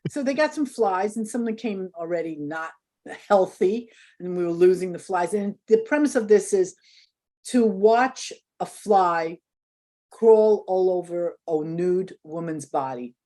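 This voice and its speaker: A woman's voice: fairly low pitch, expressive, measured pace, dark tone. An older woman, a guest in an interview, telling stories animatedly, acting out quotes and laughing often. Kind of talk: casual storytelling interview.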